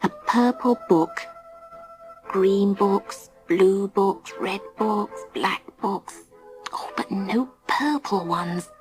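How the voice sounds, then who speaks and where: A woman voicing a brave but nervous young boy who talks earnestly and in a hushed way. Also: mid-range voice. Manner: earnest, hushed when searching, calls out when alarmed.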